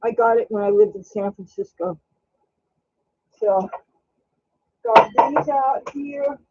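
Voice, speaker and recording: A man's voice: very high voice, animated, slow pace, creaky, dark tone, dull audio. A man hosting a casual live stream while baking in his home kitchen. He is chatty and coos baby talk at his cat.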